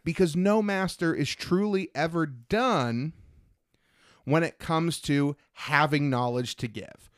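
A man's voice: on the high side, takes it slowly, dry recording, studio quality. A young man chatting as a podcast co-host, enthusiastic and acting out quoted lines. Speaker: podcast co-host discussing films. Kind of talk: casual chat.

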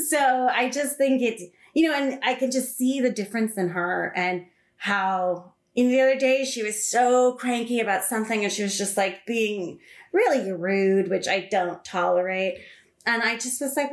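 A woman chatting casually about a book and parenting, animated and quick to laugh. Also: fairly high pitch. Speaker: podcast guest. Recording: roomy echo.

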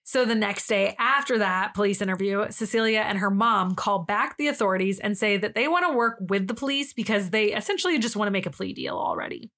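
A woman's voice: mid-range voice, animated, fairly quick, hardly any pauses, fairly bright tone. Sarcastic young woman telling a true-crime story. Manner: sarcastic, acts out quotes in different voices. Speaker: podcast co-host.

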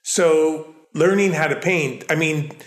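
A man's voice: on the high side, takes it slowly. A middle-aged man with a Long Island accent, an artist talking in a casual interview, rambling and often correcting himself mid-sentence. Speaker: artist and curator, interview guest. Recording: roomy echo.

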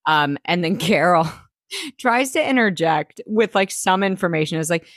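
Podcast co-host: a woman with a lowish, dry, close voice, chatty, mimics people as she recaps. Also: moderate pace, no room sound. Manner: animated, acts out quotes in mocking voices. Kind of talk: casual chat recapping a reality show.

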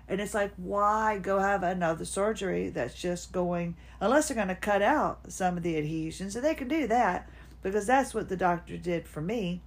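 A woman's voice: medium pitch, creaky. A woman in her fifties hosts a casual personal monologue from home. She rambles from one thought to the next and sometimes talks to herself. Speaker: podcast host. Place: at home, seated.

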